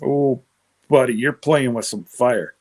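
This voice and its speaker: Male livestream host from Canada; unhurried, rambling chat with viewers, mid-range voice. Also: medium pitch, a little mellow. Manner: rambling, answers live chat comments aloud.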